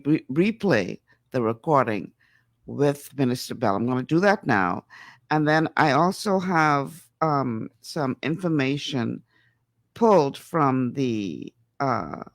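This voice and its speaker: A woman's voice: a bass voice, no echo. A woman hosting an educational class, explaining what viewers will hear next. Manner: explanatory, setting up a clip for viewers. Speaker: host of a constitution class.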